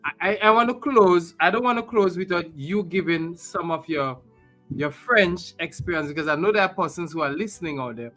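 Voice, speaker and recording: A man's voice: sits high, brisk, bright, forceful tone, faint music behind. A male host in a casual interview, encouraging his guest and often checking that he is understood.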